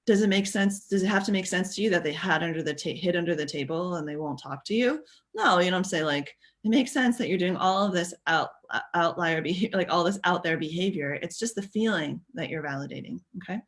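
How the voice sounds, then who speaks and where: Low gravelly-voiced woman parenting coach. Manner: chatty and expressive, acts out little quoted exchanges with laughs.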